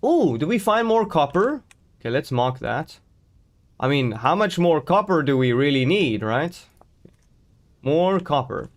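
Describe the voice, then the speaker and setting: A man chatting live to his viewers while playing a game, rambling and joking as he goes, greeting people in chat. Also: mid-range voice. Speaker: streamer.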